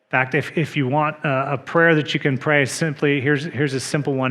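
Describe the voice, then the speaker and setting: A man preaching a sermon as pastor, measured and earnest, dropping to soft emphasis on key points. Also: on the high side, fairly even intonation. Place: church.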